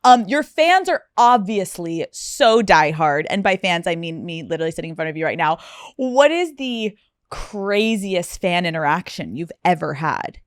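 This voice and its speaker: A woman's voice: lowish voice, sing-song, normal speed, clean tone, no echo, studio quality. Gushing young woman podcast host. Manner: gushing, enthusiastic fan-style questioning. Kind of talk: casual interview chat. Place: podcast studio.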